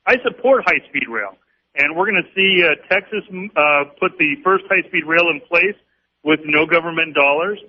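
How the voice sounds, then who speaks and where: A man who is a congressman, answering a radio host firmly with practiced talking points and frequent pauses, heard over dull lo-fi broadcast audio. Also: on the high side. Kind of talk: political radio interview answers.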